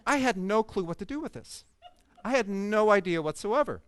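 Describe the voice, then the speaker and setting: A man's voice: high-pitched, expressive, moderate pace, a bit bright, clean tone. A man giving a conference talk, telling a personal story with humor and self-deprecating asides to an audience. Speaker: speaker at a coaching conference. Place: conference stage.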